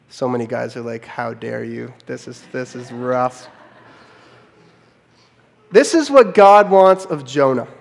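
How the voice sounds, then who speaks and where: Man preaching a sermon, conversational, wry asides, fairly high voice, long reverb. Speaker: pastor.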